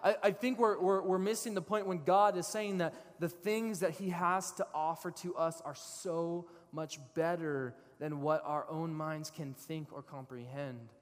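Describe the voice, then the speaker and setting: A man in his thirties preaching a sermon to a congregation, switching into lively storytelling with voiced characters. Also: on the high side, unhurried, few pauses. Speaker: pastor. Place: church sanctuary. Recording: long reverb of a large hall.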